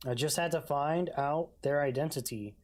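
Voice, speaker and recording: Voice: medium pitch, normal speed, darkish tone. A let's-play gamer reading mystery game dialogue aloud and adding casual, jokey asides.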